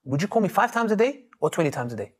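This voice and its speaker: A man, a street preacher answering interview questions and telling stories with animated quoted voices. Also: high-pitched, racing, breathy edge. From Turkey.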